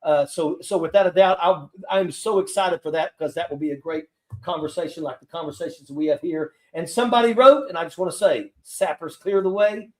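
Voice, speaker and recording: A man guesting on a live stream from an echoey room, his voice a touch high. He rallies earnestly and stumbles over repeated words. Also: fairly quick, darkish tone. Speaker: guest, fellow show host. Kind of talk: casual political talk.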